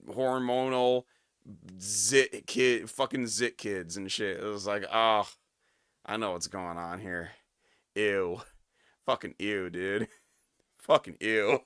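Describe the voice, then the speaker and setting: Hoarse, smooth-voiced man ranting. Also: medium pitch, fairly bright tone, dry recording, studio quality. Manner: profane, laughing, ranting. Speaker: streamer reacting to a video. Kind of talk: casual livestream reaction commentary.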